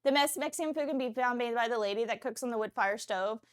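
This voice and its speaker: Chatty woman cooking on a livestream. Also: fast. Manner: animated, chatty, frequent pitch jumps and excited outbursts. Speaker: cooking stream host. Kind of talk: casual cooking livestream chat.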